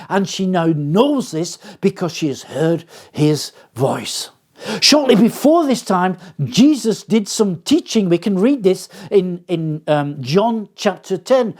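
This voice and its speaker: An older man preaching a sermon in an earnest, unhurried way, often restarting his phrases. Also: high voice, a little mellow. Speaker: pastor.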